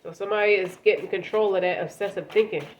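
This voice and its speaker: This woman talks fast at a medium pitch while giving a casual tarot reading, her voice stuffy from a cold. She speaks directly to the listener, conversational and prone to repeating words. It's a low-quality recording with slight background noise.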